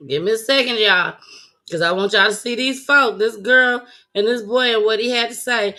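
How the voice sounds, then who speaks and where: A woman's voice: medium pitch, sharp tone. A woman hosting a casual chat show, talking loosely and laughing as she speaks straight to her viewers. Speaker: host.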